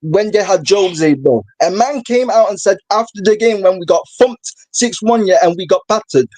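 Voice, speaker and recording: A man's voice: sits high, normal speed, few pauses, a little mellow, dry recording. A young man ranting in casual football banter, repeating himself in disbelief and dropping "bro" constantly. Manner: rant-like, repeats "bro", incredulous. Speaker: guest.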